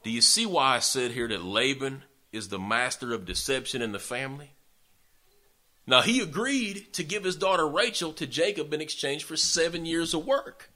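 A male preacher telling a story in a sermon, folksy and animated, often speaking straight to his listeners. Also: fairly high pitch, normal speed.

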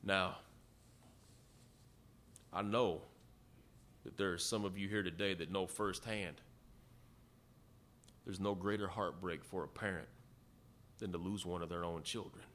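A man's voice: low-pitched, steady tone, unhurried, pauses often, a bit bright. A man preaching a sermon, retelling a story in a folksy way and acting out the quotes. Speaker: pastor.

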